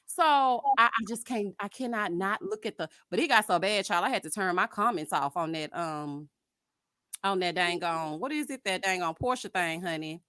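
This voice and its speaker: A woman's voice: lowish voice, normal speed, bright, forceful tone, no room sound, clean studio sound. A sassy woman from Houston with a Southern twang, in her late thirties or around forty, ranting to her viewers and calling them honey and child. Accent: Southern US, Texas. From Houston, Texas. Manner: sassy, dramatic, calls listeners honey and child. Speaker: YouTube commentary host. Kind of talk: animated casual rant.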